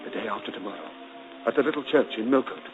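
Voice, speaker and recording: A man playing a brooding, passionate gentleman employer in a 1940s radio drama, ardent and intense, sometimes dropping to a hushed plea. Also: medium pitch, lively intonation, quick pace, soft background music, close to an everyday voice. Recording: muffled noisy 1940s radio broadcast.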